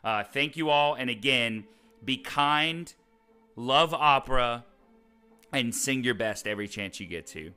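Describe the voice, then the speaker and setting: A man's voice: medium pitch, animated, a little slow, sharp tone, clean tone, soft background music. A man hosting a casual web show, upbeat and chatty with loose fillers. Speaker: show host.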